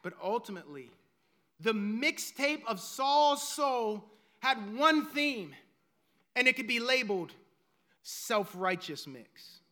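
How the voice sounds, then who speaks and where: A male pastor preaching a sermon dramatically and emphatically, dropping to hushed lines and then rising to loud ones. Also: extremely high pitch, big pitch swings, slow.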